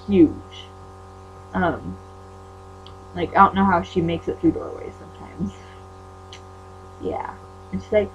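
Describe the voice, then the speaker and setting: A teenage girl from Utah tells a story in a casual vlog rant, chatty and indignant. She leaps into loud, high-pitched bursts when she quotes people. The recording is muffled and lo-fi, with a faint electrical hum underneath. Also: moderate pace. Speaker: vlogger. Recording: dull lo-fi webcam audio with faint mains hum.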